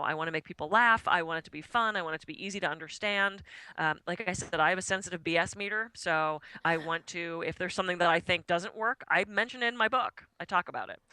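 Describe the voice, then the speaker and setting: A woman being interviewed as a guest author, talking in an animated, chatty way and laughing often. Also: fairly low pitch, clean tone, no echo, poor audio. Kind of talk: radio interview.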